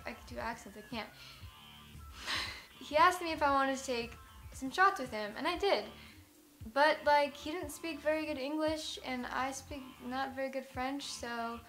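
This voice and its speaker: A young American woman with a somewhat high voice chats into her camera, rambling through a story with lots of "like" and self-mocking asides. Soft music plays faintly behind her. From United States. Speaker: vlogger. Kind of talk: casual storytelling vlog.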